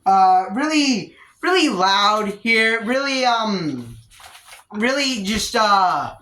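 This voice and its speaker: A woman's voice: medium pitch, very animated, very slow, a bit bright. A woman vlogging a casual album review from a room at home, talking in a rambling, offhand way and often correcting herself. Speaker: music reviewer. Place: room at home with her cat. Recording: roomy echo.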